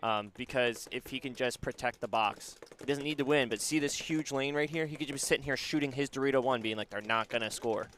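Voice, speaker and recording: A man's voice: mid-range voice, quick pace, hardly any pauses, fairly bright tone, a little hiss or hum. A man commentating a live paintball match in a casual, joking way, with ums, his voice a little worn. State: losing his voice.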